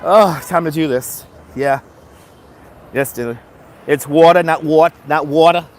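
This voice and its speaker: A man's voice: a little high, slow pace, slight background noise. An upbeat man live-streaming outdoors on a city street from his phone, greeting viewers by name and giving them a motivational push. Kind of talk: casual live-stream chat.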